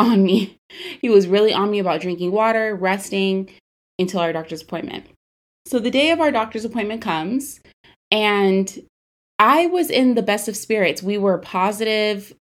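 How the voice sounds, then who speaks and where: A woman in her twenties hosting a podcast, recounting a painful personal story candidly and emotionally, with many casual fillers. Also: lowish voice. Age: 20s. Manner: candid, emotional, frequent "like" and "you know" fillers. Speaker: podcast host.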